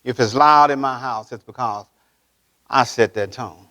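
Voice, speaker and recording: Delivered a little slowly, this preacher's mid-range voice sounds pushed and bright. In a church sanctuary he gives an emphatic sermon, repeating key phrases and posing call-and-response questions asking if the congregation is with him.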